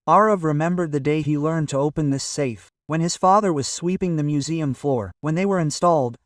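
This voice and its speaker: A man reading a scripted story aloud in an even storytelling manner, voicing every quote in the same voice. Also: a little high, fairly quick, no echo, studio quality, far from the mic. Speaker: narrator.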